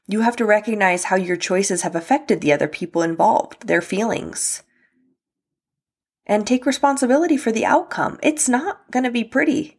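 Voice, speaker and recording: A woman's voice: medium pitch, gravelly. A young adult woman hosting a solo podcast, talking candidly and casually about apologies and relationships, with fillers and the odd swear word. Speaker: podcast host.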